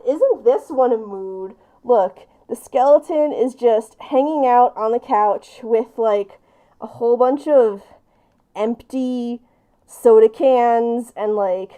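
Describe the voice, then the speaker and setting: A woman's voice: high-pitched, darkish tone. A woman live-streaming as she opens gifts, chatting casually and gushing with delight. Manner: bubbly and gushing, often breaking into squeals and laughs.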